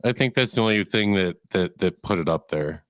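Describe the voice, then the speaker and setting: A congested man talking as a guest on a stream. His voice sits low and comes through smooth and dry. He sounds laid-back about everything. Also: expressive, brisk, a bit bright, dry recording. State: congested from a cold. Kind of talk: casual chat.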